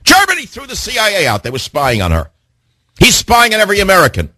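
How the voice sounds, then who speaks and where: Fiery, husky-voiced man ranting. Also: high voice, wildly swooping pitch, quick pace, pushed and bright, dry recording. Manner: impassioned, ranting, hammering rhetorical questions. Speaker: talk radio host. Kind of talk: talk radio monologue.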